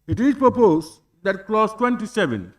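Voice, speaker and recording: A man chairing a parliamentary committee, reading clauses deliberately and putting questions to the vote. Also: high-pitched, big pitch swings. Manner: deliberate, reads clauses slowly and puts questions. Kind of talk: formal procedural chairing. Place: legislative chamber.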